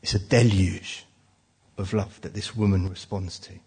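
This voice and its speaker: Preacher, male, 40s, husky, chatty storytelling sermon. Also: sits low, steady tone, unhurried, darkish tone. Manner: conversational, frequent restarts and "uh" fillers. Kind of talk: sermon with personal stories.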